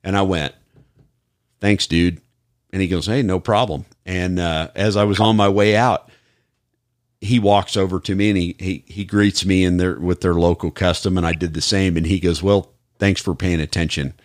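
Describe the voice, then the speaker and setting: A man's voice: low-pitched, fairly even intonation, moderate pace, no room sound, studio quality. A man with an American accent, a police officer on a podcast, telling stories in a rambling, casual way with many restarts. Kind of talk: casual chat, storytelling.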